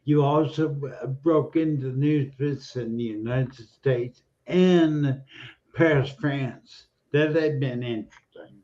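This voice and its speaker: A man's voice: medium pitch, measured pace, mellow. A man hosting an interview show, friendly and asking leading questions. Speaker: show host. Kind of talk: casual interview chat. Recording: dull lo-fi sound.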